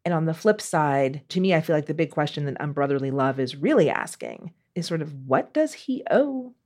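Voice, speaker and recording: A woman's voice: sits low, lively intonation, brisk, a little mellow. A woman co-hosting an advice podcast, talking through a listener's question in a thoughtful, casual way. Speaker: podcast co-host.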